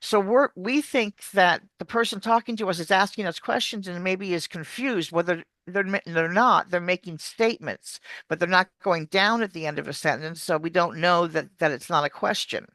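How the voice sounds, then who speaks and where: A woman's voice: fairly low pitch, normal speed, hardly any pauses, dry recording. An American woman, an accent coach, explaining pronunciation in an interview and showing sounds as she goes. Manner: animated, demonstrates sounds while explaining. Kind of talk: explaining on a video call interview.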